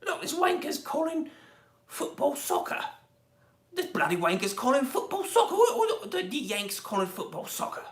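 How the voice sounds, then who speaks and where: A man voicing an indignant Cockney man in a put-on Cockney accent, squawky and jumping up in pitch. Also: huge pitch swings, normal speed, fairly bright tone, reverberant, full character voice.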